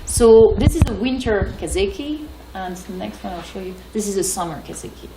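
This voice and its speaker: A French-accented woman gives a lecture in an echoey hall, with a faint hum of room noise behind her. She talks hesitantly, with many fillers and restarts, at an even middle pitch. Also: brisk. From France. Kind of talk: academic lecture.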